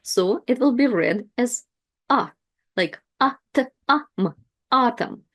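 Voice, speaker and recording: A woman teaching pronunciation, saying each word slowly and then repeating it. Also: a little high, lively intonation. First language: Russian. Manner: repeats each word twice, slow and deliberate. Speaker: language teacher. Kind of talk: slow, clear pronunciation lesson.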